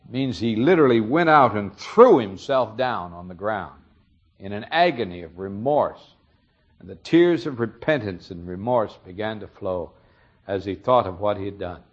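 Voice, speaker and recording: A man's voice: lowish voice, lively intonation, moderate pace, breathy edge, lo-fi sound. A man preaching a sermon, retelling a story earnestly and explaining it, his emphasis rising on key moments.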